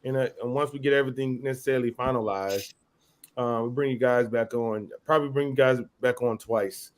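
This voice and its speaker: A man's voice: mid-range voice, fairly even intonation, a little fast. A man co-hosting a casual fan chat, asking questions and repeating himself while he plans ahead. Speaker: co-host.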